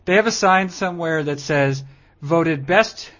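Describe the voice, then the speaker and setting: Dry, teasing podcast host, muffled. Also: male voice, fairly high pitch, a little slow, fairly bright tone. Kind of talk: casual podcast banter.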